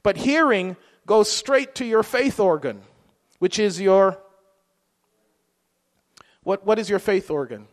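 High-voiced man preaching in a reverberant hall. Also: expressive, slow, long pauses. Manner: conversational preaching, rhetorical questions. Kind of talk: sermon.

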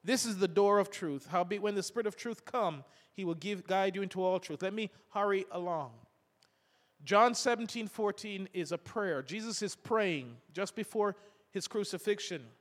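A man's voice: sits high, moderate pace, long reverb tail. An older man preaching a sermon, reading scripture aloud between homely stories.

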